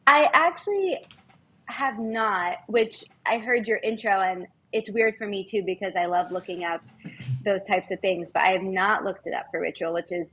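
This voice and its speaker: A woman guest on a podcast, speaking in an earnest, heartfelt, measured way in casual conversation. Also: mid-range voice, a bit bright, slight background noise, poor audio.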